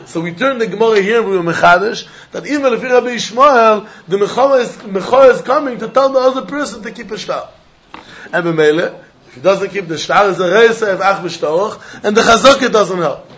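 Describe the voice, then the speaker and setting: A man giving a lively Talmud class, mixing English with Yiddish and Hebrew terms, asking and answering his own questions and laughing often. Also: high voice, a little fast. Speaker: Talmud teacher. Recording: dull lo-fi recording.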